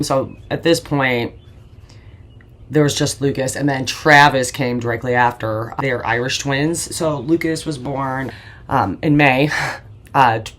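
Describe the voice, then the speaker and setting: A podcast host in her forties tells her own life story in a rumbling low, gravelly voice full of vocal fry. She speaks bluntly and swears, often laughing through painful memories as she shares them candidly.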